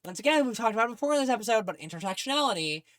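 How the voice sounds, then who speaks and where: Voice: medium pitch, animated, rapid-fire, fairly bright tone, dry recording. A podcast co-host in casual chat, telling rambling, digressive stories full of fillers.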